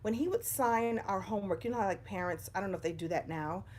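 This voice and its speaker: A woman's voice: medium pitch, fast, slight background noise. Woman giving a chatty livestream talk. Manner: warm, chatty, greets viewers by name. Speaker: motivational speaker on a livestream. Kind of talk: live-streamed inspirational talk. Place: home room in front of a bookshelf.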